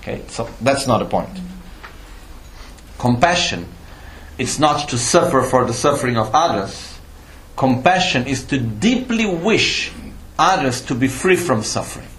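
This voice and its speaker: A man's voice: mid-range voice, very animated, measured pace, fairly bright tone, slight background noise. A man giving a Buddhist teaching to a live audience, explaining patiently and checking in with questions, with slightly non-native phrasing. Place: retreat teaching hall. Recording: roomy hall, faint ambience.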